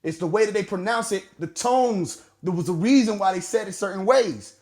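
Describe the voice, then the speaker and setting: Preachy high-voiced man lecturing. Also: a little mellow. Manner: preachy, asks rhetorical questions and answers them; drawn-out emphasis on key words. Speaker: host. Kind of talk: lecturing talk on a live audio room.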